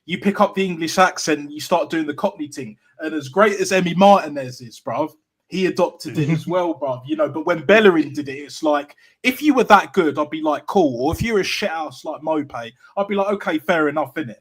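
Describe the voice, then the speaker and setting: A man joining a fan show over a video call, talking in slangy, sweary, animated banter. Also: fairly high pitch, fairly quick, breathy edge. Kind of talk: casual banter.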